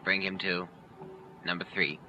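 A man voicing a stern official of a secret society, giving clipped, quiet orders in an amateur tape radio play. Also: sits low, level tone, a little slow, pitched below the performer's own voice, full character voice. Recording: lo-fi home tape with music.

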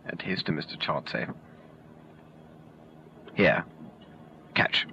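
A man voicing a menacing intruder in an amateur tape radio play, speaking slowly and quietly. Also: very deep voice, animated, creaky, pitched below the performer's own voice, heavily acted. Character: sinister male intruder, low and menacing. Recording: lo-fi home tape with hiss.

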